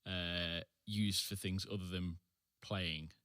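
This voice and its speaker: A man's voice: sits low, fairly even intonation, slow pace, a crowd in the background. A man, a podcast guest, chatting casually in a laid-back way, trailing off and laughing often. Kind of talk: casual chat.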